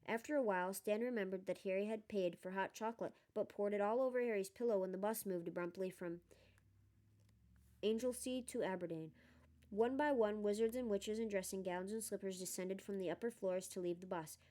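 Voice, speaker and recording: A woman narrating a storybook in a plain, steady reading voice. She keeps the telling even between the characters' lines. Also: medium pitch, brisk. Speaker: audiobook reader.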